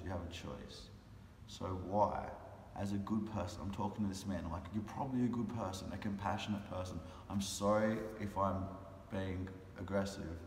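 A man's voice: low voice, moderate pace, darkish tone. A tired, frustrated man in a casual vlog monologue, talking in heated, impassioned bursts. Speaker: vlogger and animal rights speaker. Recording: roomy echo with long reverb and faint noise.

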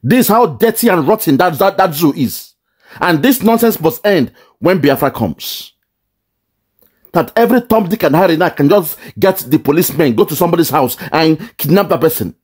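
A man's voice: fairly high pitch, lively intonation, moderate pace, darkish tone, husky. A man giving angry, emphatic commentary on a clip, stumbling and repeating words as he stresses his points.

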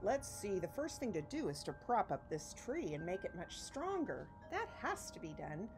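A woman voicing a gentle, faithful male elephant who speaks earnestly in a storybook reading. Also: mid-range voice, normal speed, music in the background. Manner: earnest, steady.

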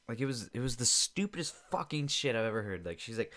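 A man's voice: mid-range voice, sing-song, fast, hardly any pauses, a bit bright. A young man hosting a podcast from his basement, rambling and swearing through an irritated casual rant. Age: young adult. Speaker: podcast host. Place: home basement.

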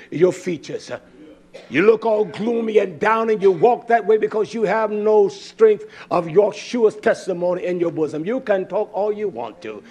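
Husky fiery preacher man. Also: sits high. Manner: fiery, scolding, swings from loud to quiet. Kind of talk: sermon.

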